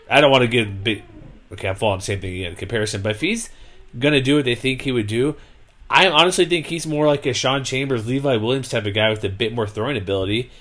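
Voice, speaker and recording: A man hosting a casual sports chat, his mid-pitched voice rambling through thoughts with plenty of fillers. He gets animated and exasperated as he argues his point. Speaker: sports podcast host.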